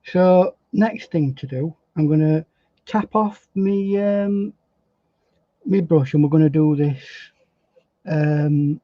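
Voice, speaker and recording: A man's voice: fairly high pitch, steady tone, slow pace, no room sound. Chatty man teaching painting. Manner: chatty, thinking aloud with fillers and repeats. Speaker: painting instructor. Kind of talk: relaxed painting demonstration. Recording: dry, slightly dull recording.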